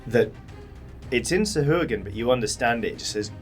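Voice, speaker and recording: A man's voice: mid-range voice, animated, a little fast, soft background music. A British man narrating as dungeon master, describing scenes and making sound effects. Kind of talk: narrating a tabletop game.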